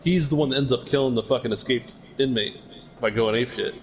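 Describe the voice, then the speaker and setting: A man on a live stream rattles through a rambling, profane story at a quick clip. His voice comes through dull and lo-fi, like a cheap stream mic. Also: medium pitch, a little hiss or hum. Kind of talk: casual chat.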